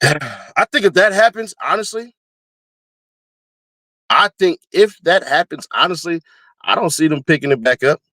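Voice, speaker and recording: A man hosting casual commentary, talking animatedly and laughing often, now and then breaking into high-pitched screaming bits. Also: expressive, measured pace, pauses often, pushed and bright, no room sound. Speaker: commentary host.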